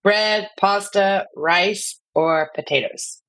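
A woman's voice: medium pitch, slow pace, fairly bright tone, dry recording, low-quality recording. A woman in her forties chatting casually with her sister on a podcast, hesitating and laughing easily. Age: 40s. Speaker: podcast guest. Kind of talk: casual chat between sisters.

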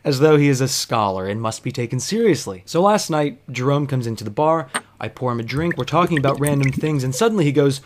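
A man's voice: medium pitch, expressive, fast. A man, a bartender, telling a comic story in an exasperated, incredulous way, with plenty of swearing.

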